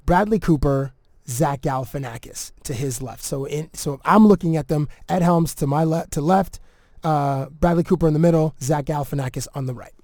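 A man's voice: fairly high pitch, normal speed, dry recording, studio quality. A man from Canada telling an anecdote in casual chat, acting out quotes with lots of fillers. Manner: animated, acts out quotes, many fillers. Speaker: podcast guest, TV entertainment reporter.

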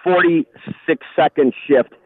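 A man's voice: a little high, slow pace, slightly rough, no echo. Middle-aged male phone guest, historian type, rambling delivery, tinny dry line. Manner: rambling, many restarts and fillers. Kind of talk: phone-in radio interview.

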